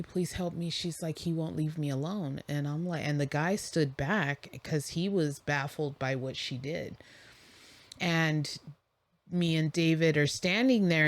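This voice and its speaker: A woman with a somewhat low voice chats through a story as a podcast host, loose and conversational, leaning on likes and you-knows. The sound is close and dry, with no room around it. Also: no echo. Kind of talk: casual storytelling.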